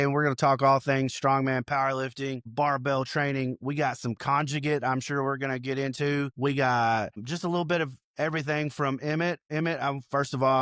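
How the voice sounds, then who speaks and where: An upbeat man hosts a casual podcast interview, chatting easily with his guest. His voice sits at an ordinary pitch and sounds dry and close to the mic, with no room around it. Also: fairly bright tone, no room sound. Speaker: podcast host.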